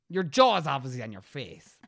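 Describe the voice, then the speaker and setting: Irish woman, podcast co-host, casual chat, teasing, animated pitch. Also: moderate pace, vocal fry. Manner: teasing, plays a mock sales pitch in a low voice.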